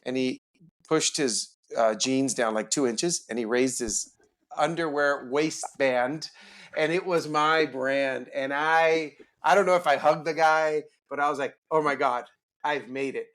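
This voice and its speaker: A man's voice: on the high side, measured pace. A middle-aged man, a podcast guest and business owner, telling his story in a casual interview and acting out the dialogue. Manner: animated storyteller, acts out quoted dialogue.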